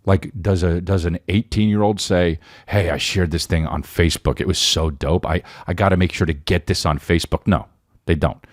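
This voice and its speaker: In clean studio sound with no room sound, a forties-aged man hosts a casual solo podcast in a deep, sore and worn voice with fairly even intonation and a moderate pace. He rambles along with many restarts and "right?" tag questions.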